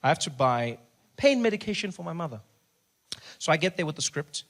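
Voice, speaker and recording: Animated male comedian. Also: on the high side, a little fast. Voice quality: animated, acts out characters. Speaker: stand-up comedian. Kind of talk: stand-up storytelling. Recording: live stand-up with crowd noise.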